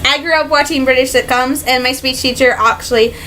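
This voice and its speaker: A young woman from Michigan recapping a fan convention in a casual vlog, excitable and rambling, full of fillers and "like", sometimes slipping into a put-on British accent. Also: sits high, a little fast, a little hiss or hum, rough recording. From Michigan, USA. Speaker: vlogger.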